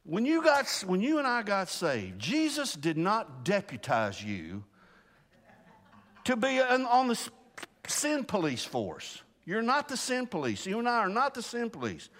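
A man preaching an informal Bible study with a lively, swooping delivery. He talks fast, restarts his sentences and chuckles at his own slips. His voice rings with a long reverb from the hall. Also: high-pitched. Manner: animated, repeats and restarts, laughs at himself. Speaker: pastor. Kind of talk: casual sermon Bible study.

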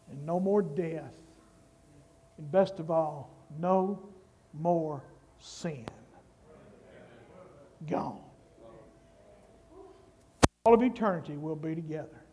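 A man delivers a sermon in a strikingly high voice. He preaches at an unhurried, deliberate pace. He leans on each phrase and rises to shouts at the climaxes. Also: breathy edge. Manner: slow, emphatic preaching that climbs to shouting. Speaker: pastor.

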